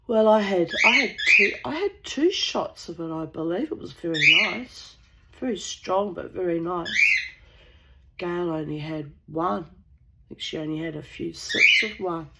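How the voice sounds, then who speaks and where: A woman's voice: on the low side, measured pace, creaky, very noisy. A woman from New Zealand telling a casual, rambling anecdote, blunt and sweary, with the odd cough.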